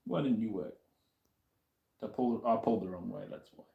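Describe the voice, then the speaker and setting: A man's voice: on the low side, a little fast, creaky, roomy sound, narrow, tinny audio. A man with an Australian accent chatting casually to a stream while he works on a motorbike, muttering to himself as he goes. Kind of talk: casual live-stream chat while working.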